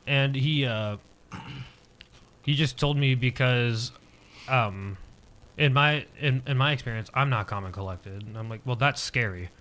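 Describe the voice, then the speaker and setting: A man's voice: medium pitch, measured pace, long pauses, fairly bright tone, slight background noise. A man in his twenties, a podcast guest, telling a personal story casually and hesitantly, with many filler words.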